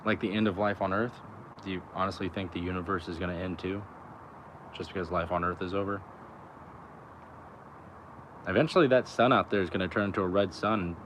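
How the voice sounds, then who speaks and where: A man's voice: low-pitched, a little fast, long pauses, a bit bright, slight background noise. Slangy young man musing outdoors. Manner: loose and slangy, heavy on "you know" and "like", swears often. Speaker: vlogger. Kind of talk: rambling spiritual musing to camera.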